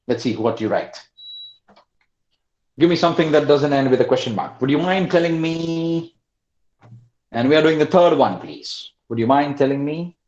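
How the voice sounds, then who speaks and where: A male English teacher runs an online class, repeating his prompts and coaxing quiet students to answer. His pitch moves up and down a lot. The sound is roomy, dull and lo-fi, as from a computer mic. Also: animated, normal speed.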